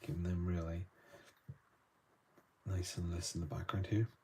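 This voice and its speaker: A man's voice: low voice, flat delivery, a little slow, mellow, slight background noise. A Northern Irish man chatting loosely through a live painting lesson, greeting viewers between strokes. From Northern Ireland. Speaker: art tutor.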